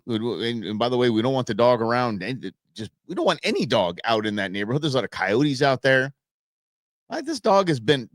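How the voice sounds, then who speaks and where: A man's voice: mid-range voice, no room sound, clean studio sound. A man who grew up in Southern California and Arizona, hosting a live show and telling a rambling neighborhood story full of folksy sayings. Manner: rambling, animated anecdote with folksy idioms. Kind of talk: casual storytelling on a live stream.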